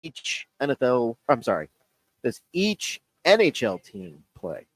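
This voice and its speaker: Laid-back, teasing radio co-host. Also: male voice, mid-range voice, huge pitch swings, measured pace. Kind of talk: casual sports radio banter.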